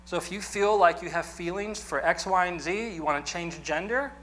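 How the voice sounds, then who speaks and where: A man's voice: sits high, normal speed, a bit bright, slight background noise. A man teaching an apologetics class in a conversational, joking manner, often checking in with the room. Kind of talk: classroom lecture.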